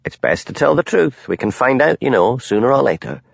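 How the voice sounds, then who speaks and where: A man voicing a male Highland village police constable who asks dry, probing questions. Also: sing-song, fairly quick, vocal fry, breathy edge, no room sound, full character voice.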